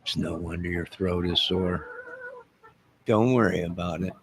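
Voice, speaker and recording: A man with a rough, gravelly voice pitched on the low side rants to his viewers in a rambling comic monologue. He drawls his boasts and mock threats, and a faint hiss sits under the voice. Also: a little slow. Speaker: online music and movie channel host.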